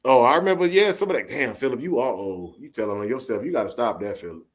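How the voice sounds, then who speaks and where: A man hosting a live late-night talk show, chatting casually with a soft-spoken, laid-back, joking manner over a phone line. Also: mid-range voice, expressive, fast talker. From Orange, Texas. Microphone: phone call into live audio show.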